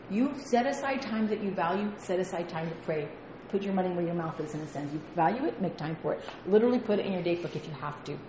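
A woman preaching to a women's gathering, direct and exhorting, with rhetorical questions and quick asides. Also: mid-range voice, a little mellow, roomy sound, a little hiss or hum, low-quality recording. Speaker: women's ministry speaker. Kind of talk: sermon.

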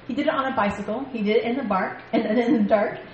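A woman speaker giving a lively faith talk to a women's gathering from a stage mic, telling stories and laughing often. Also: a little high, fast, highs cut off. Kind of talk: sermon-style faith talk. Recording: echoey hall, faint background noise.

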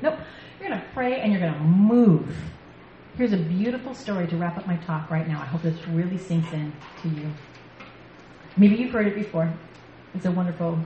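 A woman speaker giving a lively faith talk to a women's gathering from a stage mic, telling stories and laughing often. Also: fairly low pitch, highs cut off. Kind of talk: sermon-style faith talk. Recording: echoey hall, faint background noise.

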